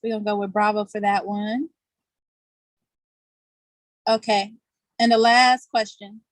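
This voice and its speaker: A woman's voice: mid-range voice, steady tone, measured pace, no room sound. A woman hosting a casual live online quiz, chatty and playful, laughing often and speaking in loose colloquial slang, talking over a video call from outdoors. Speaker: session host running a quiz.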